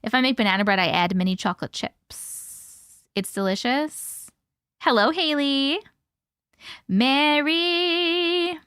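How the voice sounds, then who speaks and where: A woman's voice: a little high, a little slow, a bit bright, clear, resonant tone, dry recording, studio quality. A woman hosting a casual live stream, chatting and laughing while she reads out viewer comments and greets them by name. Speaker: livestream host.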